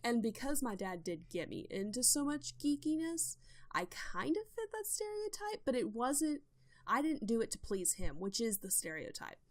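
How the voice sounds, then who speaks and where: A woman's voice: fairly high pitch, sing-song, moderate pace, dry recording. Playful woman podcast host. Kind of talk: casual podcast chat.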